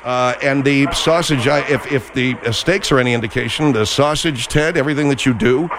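A man hosting a comic radio talk show, animated and quick to backpedal. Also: mid-range voice, noisy background.

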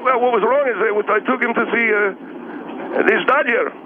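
A man with a very high voice calls in over a thin, tinny phone line. He rambles through a story in broken, halting English, stumbling and getting worked up. Faint hiss sits under the call. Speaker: caller. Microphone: telephone.

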